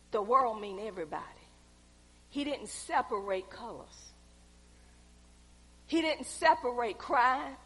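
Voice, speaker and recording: A woman preaching a sermon, calling out to her congregation and building to loud, fervent exhortation. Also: sits high, breathy edge. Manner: calls out to the congregation. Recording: long hall reverb.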